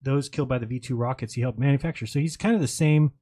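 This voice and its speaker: A man's voice: medium pitch, fast, warm tone. A man hosting a call-in show, agreeing with callers and reading out facts. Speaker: host. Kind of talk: casual call-in chat.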